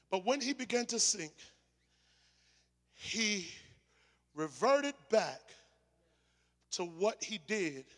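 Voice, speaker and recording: A man preaching a sermon to a church congregation, rising into shouted calls and leading call-and-response. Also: high-pitched, in a large hall.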